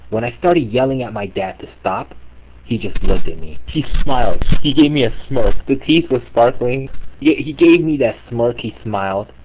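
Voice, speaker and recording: A man's voice: mid-range voice, lively intonation, normal speed, a little mellow, slight background noise, low-quality recording. A man hosting a live voice chat, delivering a profane, mocking comedic rant with exasperated disbelief. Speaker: chat room host.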